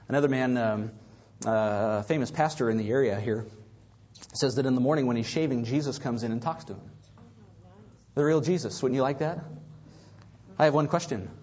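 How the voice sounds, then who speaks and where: A man preaching a sermon, swinging dramatically from loud to hushed. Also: mid-range voice, breathy edge. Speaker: pastor. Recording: dull lo-fi recording.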